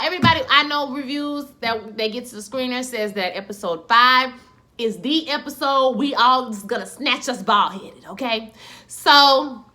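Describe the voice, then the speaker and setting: A woman giving a casual, animated episode recap, slangy and acting out scenes in quoted voices. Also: on the high side. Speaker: TV show reviewer.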